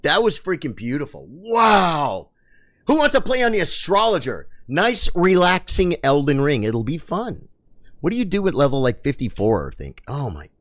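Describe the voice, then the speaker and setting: A man live-streaming a video game, chatting excitedly with his viewers in a casual, mildly swearing way. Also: fairly high pitch, normal speed, no echo, studio quality. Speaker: gaming streamer.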